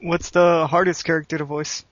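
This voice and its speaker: A man's voice: fairly high pitch, level tone, moderate pace, a bit bright, dull audio. A man interviewing a guest, asking short, direct questions.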